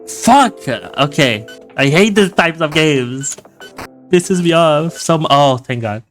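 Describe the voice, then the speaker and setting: A man hosting a live gameplay podcast, reacting loudly, swearing at the game and laughing often. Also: fairly high pitch, lively intonation, slow, soft background music. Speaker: podcast host and streamer. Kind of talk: casual live gameplay chat.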